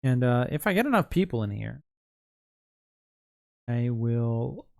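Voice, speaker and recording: Male streamer, gravelly voice, dry close sound, tired, rambling casual chat. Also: medium pitch, big pitch swings, unhurried, darkish tone, no room sound. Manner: rambling, responds to chat messages. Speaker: streamer running an online Mafia game.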